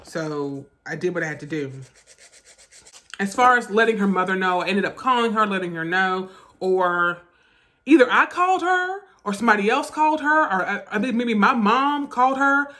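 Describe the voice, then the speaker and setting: Woman vlogger, bright voice, halting and emotional storytime delivery. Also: medium pitch, animated. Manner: emotional, halting retelling with restarts. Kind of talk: storytime vlog.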